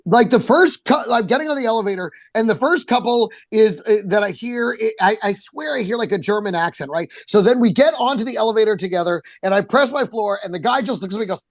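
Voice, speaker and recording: A man, a comedian co-hosting a podcast, telling loud, animated stories full of swearing. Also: sits high, fast, dry recording. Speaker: comedian co-host. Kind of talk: casual chat.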